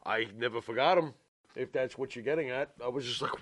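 A man's voice: mid-range voice, a little fast, no echo. A man co-hosting a podcast, giving blunt, profane opinions in casual chat. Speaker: podcast co-host.

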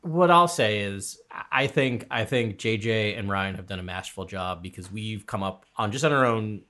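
A man co-hosting a casual fan podcast, eager and effusive, quick to agree with the others. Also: fairly low pitch, pushed and bright. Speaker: podcast co-host.

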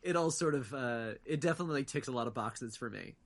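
A man's voice: mid-range voice, fast talker. A man co-hosting a casual podcast, talking animatedly with lots of "like" and free swearing. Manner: animated, heavy "like" filler, swears freely. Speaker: podcast co-host. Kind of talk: casual chat.

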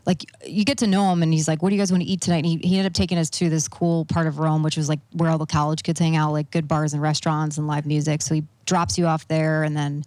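A middle-aged woman in casual chat, telling a lively travel story with many fillers. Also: low-pitched, quick pace, hardly any pauses, no echo. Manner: animated storyteller, acts out quoted voices.

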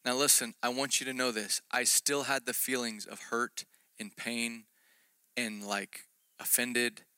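Forceful, smooth-voiced male preacher. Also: mid-range voice, little pitch movement, measured pace, dry recording. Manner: self-deprecating storytelling with jokes. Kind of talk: conversational sermon.

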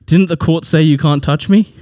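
A man's voice: fairly high pitch, moderate pace, dark tone. A man with an Australian accent co-hosting a casual podcast, defensively insisting on his point during a word game. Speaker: podcast co-host. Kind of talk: casual banter while playing a word game.

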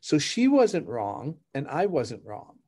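A middle-aged man, a podcast guest who coaches couples, telling stories in lively conversation, laughing and acting out dialogue as he explains. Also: on the high side, slow pace. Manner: animated, laughs while explaining, acts out dialogue. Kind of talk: conversational storytelling.

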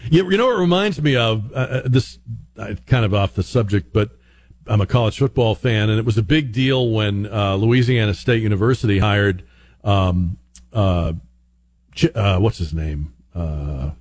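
On a casual call-in radio show, a male host with a lowish, expressive, slightly mellow voice talks at a normal speed. He's chatty and rambling, full of ums and restarts.

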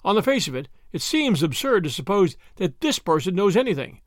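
A man doing miserly old man, peevish, querulous, lively pitch. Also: brisk, dry recording, studio quality. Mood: grudging. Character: grumbling, miserly older male client.

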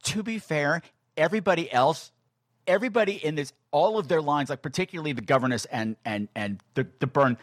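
A man co-hosting a podcast, chatting about an old film in an animated way and acting out bits of dialogue. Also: on the high side, no room sound, clean studio sound. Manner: animated, quick, acts out quotes. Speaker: podcast co-host. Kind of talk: casual film discussion.

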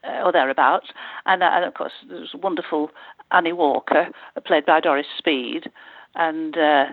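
An older woman, a former actress, reminisces in an interview with halting, amused speech full of restarts. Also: deep voice, dry recording. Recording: tinny, dry phone-like line.

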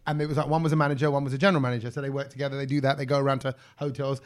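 A man's voice: medium pitch, level tone, racing. A man hosting a casual radio chat, joking and teasing his co-hosts, sometimes drawing out his explanations. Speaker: radio host.

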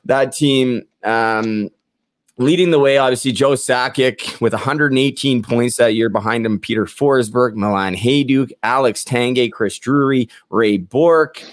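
A man's voice: medium pitch, a little slow, dry recording, clean studio sound. A man hosting a podcast in casual chat, enthusiastic and casually swearing. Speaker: podcast host.

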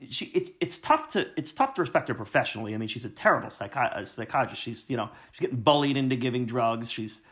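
A man's voice: mid-range voice, very animated, fast talker, few pauses, fairly bright tone. A man in casual conversation about a movie, talking in loose, rambling sentences with many restarts.

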